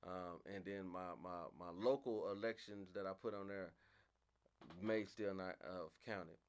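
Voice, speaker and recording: A man with a fairly low voice tells a story in a loose, casual way. He swears freely and often, and his voice climbs high and loud when he gets fired up, then drops back down again. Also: steady tone, unhurried, clear, resonant tone. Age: adult, father of a young daughter. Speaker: podcast host.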